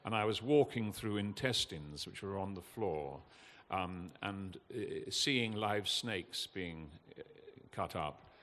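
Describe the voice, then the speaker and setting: Older guy, low voice, talking all passionate and earnest, stops and starts a lot, big echoey hall. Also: a bit bright. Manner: impassioned, earnest, halting with many fillers. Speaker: guest speaker at a festival. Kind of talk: emotional public talk. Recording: long hall reverb.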